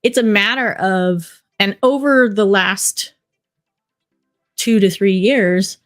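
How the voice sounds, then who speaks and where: A middle-aged woman, a documentary director, telling stories in a relaxed interview, rambling with many fillers. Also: medium pitch, takes it slowly, soft background music. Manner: rambling storyteller, many fillers like "you know". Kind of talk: casual interview talk.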